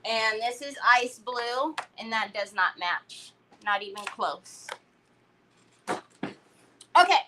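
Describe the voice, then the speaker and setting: A woman's voice: on the high side, lively intonation, takes it slowly, pauses often, background noise. A woman hosting a casual crafting livestream, chatting, laughing and greeting viewers by name.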